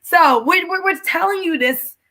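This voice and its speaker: A high, bright, animated woman. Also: moderate pace. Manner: animated, gets emotional, raises her voice at the peak of the story. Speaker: host. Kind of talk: emotional testimony in a casual conversation.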